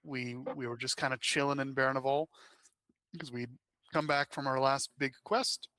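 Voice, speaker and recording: A man's voice: mid-range voice, fairly even intonation, moderate pace, sharp tone, no echo. A man playing in a tabletop game, recapping the last session in a chatty, wry way. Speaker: player. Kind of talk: casual chat recapping a game.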